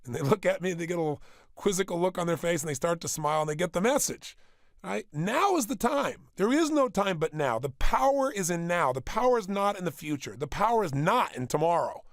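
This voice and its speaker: Gravelly high-voiced emphatic man. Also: lively intonation, no room sound, studio quality. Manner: emphatic, repeats phrases for effect; rapid-fire rhetorical questions. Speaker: motivational speaker. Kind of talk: motivational workshop talk. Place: studio with a small audience.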